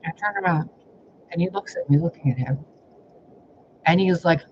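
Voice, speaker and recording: A man's voice: fairly high pitch, fairly quick, long pauses. A man telling rambling personal stories in a casual vlog, exasperated and heavy on profanity. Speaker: spiritual reader recounting personal life. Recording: dull lo-fi audio with faint hiss.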